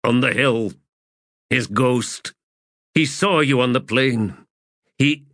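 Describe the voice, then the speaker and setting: A man's voice: medium pitch, a bit bright, dry recording, clean studio sound, pitched above the performer's own voice, full character voice. A man voicing an anguished veteran soldier who speaks in a strained, urgent way, in an audiobook.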